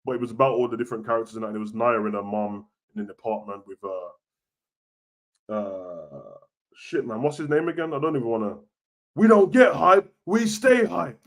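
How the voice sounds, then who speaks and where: A man's voice: lowish voice, brisk. Slangy young man chatting. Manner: casual slangy and animated, swings loud and soft. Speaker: wrestling show host. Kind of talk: live-stream chat reading comments.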